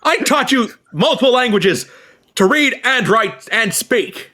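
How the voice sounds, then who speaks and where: A man's voice: very high-pitched, animated, a little slow, pushed and bright, voice pushed up, exaggerated voice. A man voicing a wandering older male mentor who complains with indignation in a tabletop role-play. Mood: indignant.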